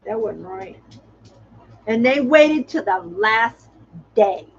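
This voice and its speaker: Medium in pitch with a breathy edge, she speaks slowly but with lively intonation while hosting casual livestream commentary on her channel. She laughs and exclaims often as she rambles, and the recording sounds muffled.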